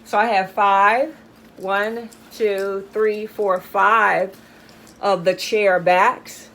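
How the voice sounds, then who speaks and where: A woman's voice: mid-range voice, fairly even intonation, very slow, a bit bright. A woman chatting enthusiastically as she shows off bargain finds, often calling out to her viewers. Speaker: haul vlogger. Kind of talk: casual show-and-tell chat.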